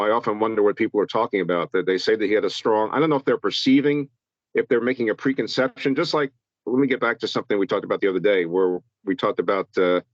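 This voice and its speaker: A man answering interview questions in a halting way, often repeating words as he thinks. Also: on the low side, dry recording, dull audio. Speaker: guest, true-crime author.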